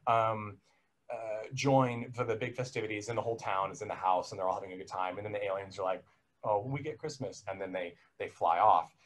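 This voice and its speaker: A man's voice: on the low side, flat delivery, fairly quick, fairly bright tone. A young man recapping a film in a casual podcast chat, rambling and self-correcting, laughing now and then.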